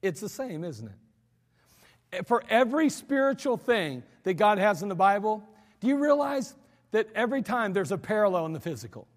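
Male American pastor, high-pitched, folksy storyteller, reverberant church sanctuary. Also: big pitch swings, normal speed. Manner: folksy, emphatic storytelling preacher. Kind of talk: sermon.

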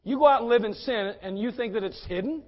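Male pastor, high voice, fiery sermon delivery, muffled lo-fi sound. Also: quick pace. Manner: fiery, swings from quiet to shouting.

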